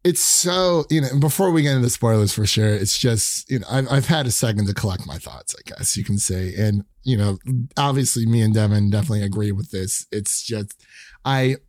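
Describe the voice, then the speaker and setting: A man's voice: fairly low pitch, brisk, darkish tone, no echo, clean studio sound. A man co-hosting a casual movie review chat, hesitant and often restarting his sentences. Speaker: podcast co-host.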